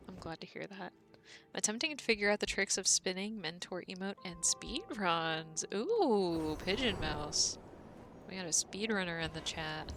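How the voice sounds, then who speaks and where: Low-voiced Southern US woman streaming. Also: normal speed, fairly bright tone. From Southern United States. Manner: chatty, answering chat messages aloud. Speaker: game streamer. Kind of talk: casual live-stream chat. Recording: music playing behind the voice.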